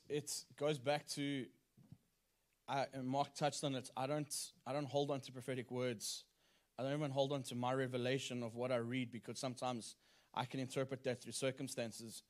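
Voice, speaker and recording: A man's voice: mid-range voice, steady tone, normal speed. A man on a church panel, sharing his calling in an earnest, talkative way. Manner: earnest, retells with acted quotes. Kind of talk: testimony in a panel discussion.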